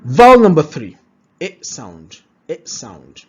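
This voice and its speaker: Brief: male pronunciation teacher, unhurried drills, lively pitch that rises and falls, dull lo-fi sound. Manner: repeats words slowly, checks in with "all right?". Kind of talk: slow, drilled pronunciation lesson. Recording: dull lo-fi recording.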